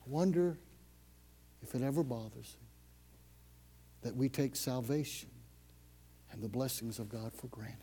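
A man preaching a sermon as pastor, telling a story and leading prayer, going from loud, urgent passages to hushed whispers. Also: mid-range voice, measured pace, pauses often, breathy edge. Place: church.

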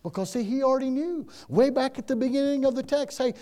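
A middle-aged man from the United States, preaching a sermon that swings from loud emphasis to hushed, almost whispered lines. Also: extremely high pitch, quick pace. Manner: dramatic swings from loud to hushed, repeats words. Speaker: pastor.

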